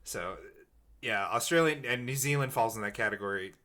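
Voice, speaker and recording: Bright-voiced man rambling on a podcast. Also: medium pitch, brisk. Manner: rambling, many fillers and restarts. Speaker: podcast host. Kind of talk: casual podcast chat.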